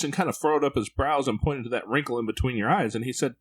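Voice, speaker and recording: A man's voice: medium pitch, quick pace, hardly any pauses, slightly rough. A man hosting a parenting podcast, talking in a candid, reflective way. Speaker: podcast host. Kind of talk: podcast interview.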